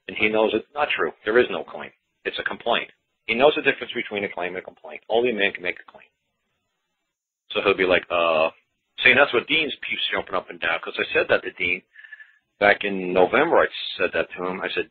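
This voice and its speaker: A man's voice: fairly low pitch, expressive, brisk. A man talking casually on a radio show, rambling and emphatic, repeating himself and acting out other people's lines. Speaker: talk show guest explaining common law. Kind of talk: casual phone-in radio talk. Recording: tinny phone line, husky.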